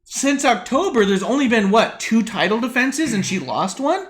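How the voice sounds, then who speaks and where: A man co-hosting a casual wrestling podcast over drinks, talking in an animated, profane way and sometimes slipping into silly voices. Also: extremely high pitch, moderate pace. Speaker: podcast co-host.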